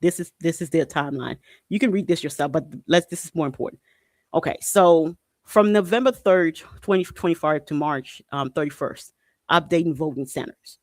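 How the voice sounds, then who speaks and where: A man's voice: fairly high pitch, moderate pace, no echo, studio quality. A man hosting a podcast, reading news articles aloud and commenting on them in a blunt, indignant way, swearing and repeating himself. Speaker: podcast host.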